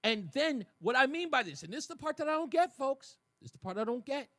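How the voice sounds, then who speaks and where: A man hosting a talk radio show, giving animated commentary and acting out the voices of the people he quotes. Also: very high-pitched, fast talker, no room sound, studio quality.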